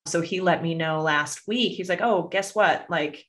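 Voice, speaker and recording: A woman's voice: fairly low pitch, normal speed, a bit bright. A middle-aged woman talking candidly and from the heart in a personal monologue, her voice thick as she holds back tears, with many "like"s and "right?"s. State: fighting back tears, emotional voice.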